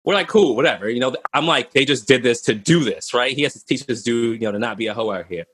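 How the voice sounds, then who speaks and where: Young man from Minnesota, husky and bright, a lively storyteller on a video call. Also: medium pitch, quick pace. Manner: animated, laughing, acts out voices in his stories. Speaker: podcast guest.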